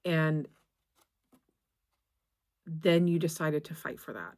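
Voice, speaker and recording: A young woman giving a tarot reading to camera, gentle and reassuring, halting often and restarting her phrases. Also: sits low. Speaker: tarot reader.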